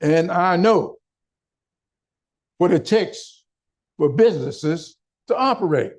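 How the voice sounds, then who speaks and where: An older man giving a town hall speech in slow, deliberate oratory with emphatic pauses. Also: high voice, animated. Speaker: political speaker.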